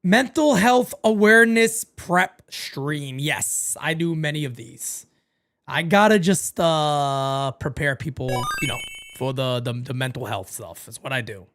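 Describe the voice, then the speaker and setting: A woman hosting a live baseball watch-party stream, chatting casually and profanely, dropping into low mutters between bursts of energy. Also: a little slow, slight background noise.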